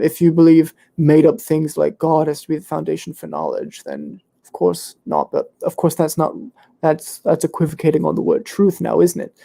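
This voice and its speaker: A man playing a smug, pompous young internet debater who is hoarse and losing his voice, rattling off fallacy names with complete self-assurance. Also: fairly high pitch, warm tone, heavily acted. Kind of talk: comedic live Q&A role-play.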